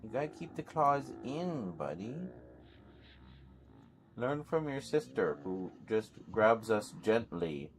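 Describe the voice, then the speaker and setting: A man's voice: lowish voice, very animated, slow, soft background music. A man streaming live, chatting casually and rambling to his viewers and his pets.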